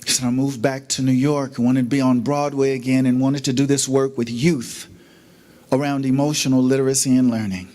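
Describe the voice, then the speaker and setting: A man's voice: mid-range voice, flat delivery, fairly quick, a little mellow. A middle-aged man giving an inspirational sermon as a guest speaker, telling his story dramatically and acting out the voices in it.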